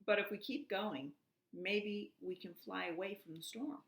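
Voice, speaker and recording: A woman's voice: medium pitch, measured pace, echoey room, close to an everyday voice. A woman voicing a brave, kind little boy who sounds eager and anxious.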